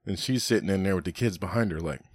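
Deep-voiced man telling profane stories. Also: quick pace, no room sound. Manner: profane, rambling, laughs while telling stories. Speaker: podcast host. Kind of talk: casual storytelling chat.

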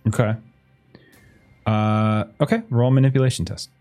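A man's voice: on the low side, fairly even intonation, normal speed, warm tone, faint music behind. A man narrating a tabletop game as game master, describing scenes loosely with lots of fillers.

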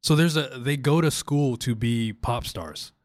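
Man, podcast co-host, mid pitch, deadpan, curious questions, casual chat. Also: unhurried, no room sound. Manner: dry, questioning, deadpan jokes.

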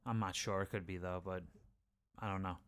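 Man, co-host, dry wry asides, fairly low voice, quick talker. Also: fairly even intonation, fairly bright tone, clean tone, no room sound. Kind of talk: casual chat.

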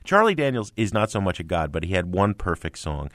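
A man's voice: low-pitched, sing-song, fairly quick, fairly bright tone, no room sound, studio quality. A man co-hosting a music review radio show, telling a song's story with eager emphasis.

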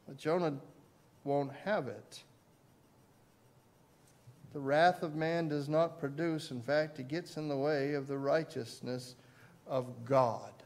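A man preaching a sermon as pastor, swinging between loud emphasis and quiet asides and putting questions to his listeners. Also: on the high side. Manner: asks the congregation questions.

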